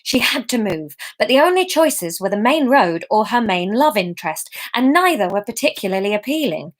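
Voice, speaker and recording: A woman reads her own serialized story aloud, switching into chatty, self-mocking asides to her live audience. Her voice sits in an ordinary middle pitch, easygoing and conversational. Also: very animated, moderate pace. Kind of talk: live-streamed story reading with chat.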